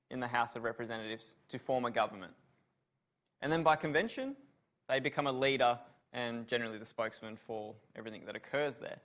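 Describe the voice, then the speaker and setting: A man's voice: medium pitch, fairly bright tone. A man giving a university revision lecture on law, asking students questions and praising their answers.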